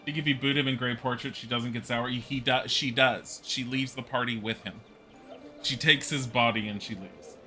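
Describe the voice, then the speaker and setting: Streamer, male, casual chatty commentary, very bright voice. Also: medium pitch, fairly even intonation, normal speed, faint music behind. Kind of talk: live gameplay commentary.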